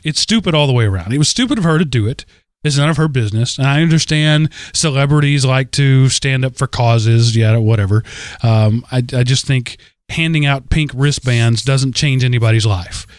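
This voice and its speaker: A man's voice: mid-range voice, no echo, studio quality. A man co-hosting a casual comedic chat show, talking in an opinionated, ranting way. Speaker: podcast co-host.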